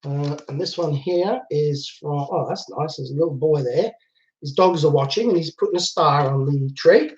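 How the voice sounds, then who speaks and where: A man's voice: a little high, normal speed. Chatty man hosting a lo-fi livestream. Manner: chatty, reads out viewer comments, laughs often. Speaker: livestream host. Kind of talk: casual live chat. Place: at home. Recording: dull lo-fi livestream audio.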